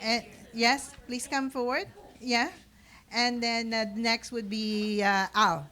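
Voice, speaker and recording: A woman's voice: a little high, fairly even intonation, slow pace, pushed and bright. A woman hosting the meeting, introducing speakers hesitantly. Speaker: event host.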